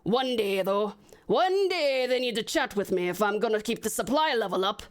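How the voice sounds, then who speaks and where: A woman's voice: on the high side, lively intonation, moderate pace, lightly acted. A woman reading as a grumbling ghost brewmaster. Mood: wry. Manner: gruff and wry.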